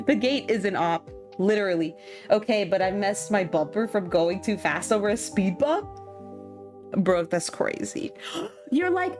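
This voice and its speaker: A young woman chats casually to her stream audience, giggling and poking fun at herself as she talks, with plenty of ums. Her voice sits at a middle pitch. Soft music plays faintly behind her. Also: lively intonation, measured pace. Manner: chatty, self-mocking, giggly, many ums. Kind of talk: casual chat while streaming a game.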